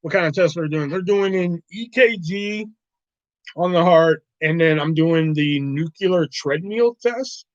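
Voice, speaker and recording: A man with a somewhat high voice and measured pace hosts a live stream from home, telling a rambling, profane story in casual talk and laughing often. The recording is dull, lo-fi and dry.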